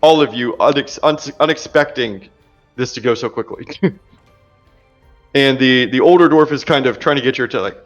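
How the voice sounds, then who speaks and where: A man's voice: medium pitch, moderate pace, muffled recording. A man in a mid-range voice narrating a tabletop role-playing session as its game master. He describes scenes casually, often speeding up, with faint music in the background.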